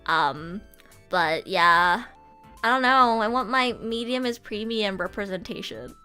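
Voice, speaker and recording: A woman's voice: medium pitch, measured pace, sharp tone, clean tone, faint music behind. A young woman streaming casually, frank and giggly, often stumbling and restarting her sentences. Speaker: streamer and voice actor. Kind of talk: casual livestream chat.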